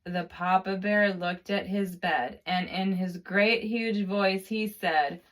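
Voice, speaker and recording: A woman telling a children's storybook tale with expressive narration and dramatic, drawn-out repetitions. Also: on the low side.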